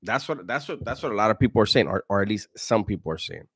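A man hosts a live stream, working through viewer comments in an easygoing, slangy manner and chuckling often. His voice sits on the low side. The sound is close and dry, with no room echo. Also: expressive, quick pace, fairly bright tone, breathy edge. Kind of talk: casual live-stream chat, reading viewer comments aloud.

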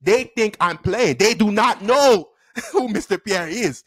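A man voicing a strict, intimidating male teacher who speaks in slow, deliberate, menacing questions. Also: high-pitched, expressive, breathy edge, dry recording, studio quality, heavily acted.

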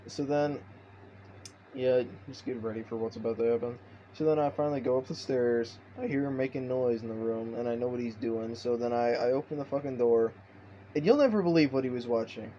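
A man's voice: medium pitch, steady tone, a little fast, dark tone, dull audio, slight background noise. A man telling a story in a vlog, rambling and swearing constantly. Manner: profane, rambling.

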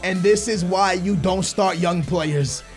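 A young man doing loud, slangy live commentary over a football video game, his voice strained from shouting. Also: sits high, slow, soft background music. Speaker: gaming YouTuber.

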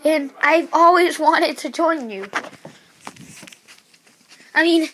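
A woman telling a plush toy story in a rambling, excitable way, full of fillers and sudden shrieks. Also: takes it slowly, long pauses. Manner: excitable, breaks into shrill screams.

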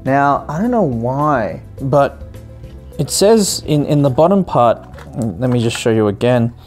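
A man hosting his own tech channel, narrating an unboxing in a casual, excited way, often pausing on um and correcting himself mid-sentence. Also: medium pitch, soft background music. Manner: excited, chatty, often pauses with um and self-corrections. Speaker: tech video host.

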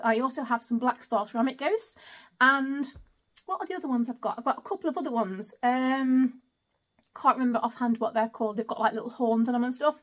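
A woman chatting casually through an unboxing at home, apologetic and giggly, speaking into a camera mic. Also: on the high side. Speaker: vlogger.

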